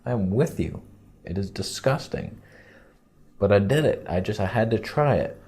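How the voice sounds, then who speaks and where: Male vlogger, casual and rambling, low-pitched, self-mocking humor. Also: animated, normal speed, a little mellow. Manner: candid, joking, rambling. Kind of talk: casual vlog monologue.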